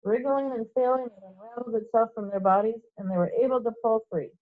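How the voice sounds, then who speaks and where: A woman teacher reading a storybook aloud to children, in a clear, steady way with small slips, in a dull lo-fi recording. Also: on the high side, quick pace.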